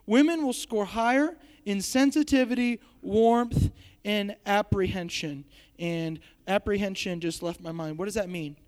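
Young guy w a really high smooth voice joking around thru a youth sermon, long hall echo. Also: a little slow. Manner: joking, chatty, self-deprecating. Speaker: youth speaker. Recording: hall reverb.

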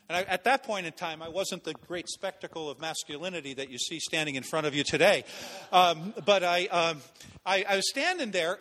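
A man preaching a sermon, telling stories in an animated way and acting out voices. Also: high-pitched, big-room sound. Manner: animated, acts out voices and laughs at own stories. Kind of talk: sermon with storytelling.

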